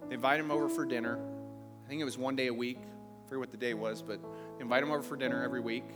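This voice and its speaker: A man's voice: mid-range voice, steady tone, racing. A pastor preaching a sermon to his congregation, talking casually and building to emphatic peaks. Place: church sanctuary. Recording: reverberant church hall with faint music.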